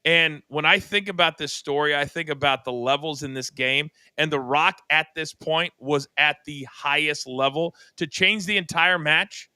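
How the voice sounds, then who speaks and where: Bright, crisp man, excitable co-host. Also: on the high side, moderate pace, hardly any pauses, no echo. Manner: excitable, laughs easily, acts out scenes. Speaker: podcast co-host. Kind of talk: casual wrestling talk.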